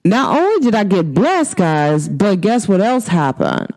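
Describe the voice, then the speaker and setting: A woman hosting a spiritual talk show, speaking in a sassy, emphatic way and full of slang. Her pitch swoops up and down as she drives her points home. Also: very animated, a little slow, darkish tone. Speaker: astrology show host. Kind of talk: casual spiritual talk to viewers.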